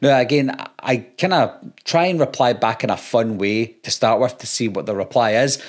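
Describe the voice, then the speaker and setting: A man's voice: medium pitch, moderate pace. A Scottish man and YouTuber, reading out comments in casual talk with dry, sarcastic comebacks. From Scotland.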